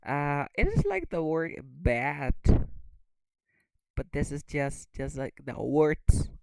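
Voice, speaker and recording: A man's voice: fairly high pitch, huge pitch swings, takes it slowly, creaky, a little mellow, clear, resonant tone, dry recording, rough recording. A man whose first language is Spanish, teaching English vocabulary and often checking in with "okay?". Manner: repeats words, checks in with "okay?". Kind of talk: bilingual lesson explanation.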